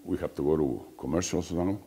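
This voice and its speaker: Deep-voiced man. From Mexico. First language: Spanish. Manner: deliberate, halting with frequent fillers. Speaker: show host. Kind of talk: interview conversation. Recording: long reverb in the room.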